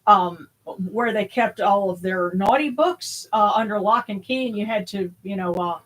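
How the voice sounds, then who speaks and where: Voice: mid-range voice, moderate pace, rough recording. A livestream host chatting casually, rambling and hesitant with many fillers and restarts. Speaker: host of a religious livestream service.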